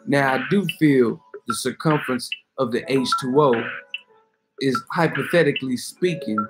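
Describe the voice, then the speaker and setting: A man's voice: mid-range voice, close to an everyday voice, poor audio. A man doing a pompous rapper being wordy. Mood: mock-formal. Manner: slow, overly formal word choice. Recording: music playing clearly behind.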